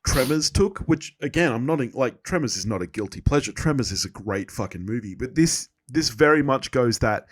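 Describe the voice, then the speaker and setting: A man's voice: mid-range voice, expressive, fairly quick, few pauses, husky, dry recording, studio quality. A man co-hosting a horror film podcast in casual chat, laughing often and swearing. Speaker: podcast co-host.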